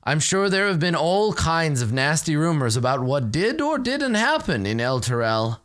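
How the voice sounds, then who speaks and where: A man voicing a smooth-talking older male noble who claims piety, speaking in a measured, unctuous way. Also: a little high, big pitch swings, a bit bright, no room sound, studio quality, voice pushed up.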